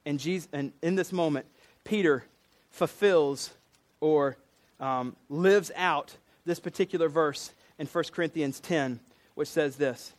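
A man's voice: fairly high pitch, a little slow. A man with a Southern US accent preaching a sermon in a conversational way, acting out quotes in different voices.

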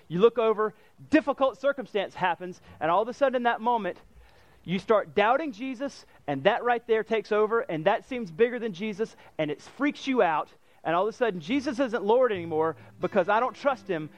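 Male pastor, fairly high voice, animated preaching style, dry close recording. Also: dry recording. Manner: animated, acts out quoted lines. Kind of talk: sermon.

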